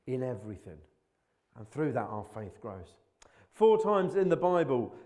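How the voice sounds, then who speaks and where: A preacher delivers an informal church sermon in a mellow, lowish voice. He's chatty and colloquial, pokes fun at himself, and breaks into bursts of emphasis.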